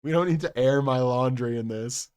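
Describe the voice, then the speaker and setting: A man chatting casually on a live stream, joking and rambling, with quiet mumbled asides between loud outbursts. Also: medium pitch, normal speed, clear, resonant tone.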